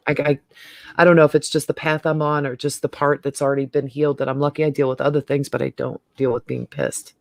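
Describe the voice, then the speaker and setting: A woman's voice: deep voice, level tone, fast talker, vocal fry, a little mellow, dry recording, studio quality. A middle-aged woman hosting a casual livestream chat, talking freely and laughing often. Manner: chatty, laughs often, trails off and restarts. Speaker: host.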